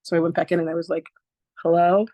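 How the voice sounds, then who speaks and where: A woman's voice: fairly low pitch, completely flat delivery, very fast, mellow, no room sound. A woman in her sixties teaching a live online masterclass on spiritual practice. She tells stories with animation, acts out quoted exchanges, and speaks frankly and emphatically, sometimes swearing. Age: 60s.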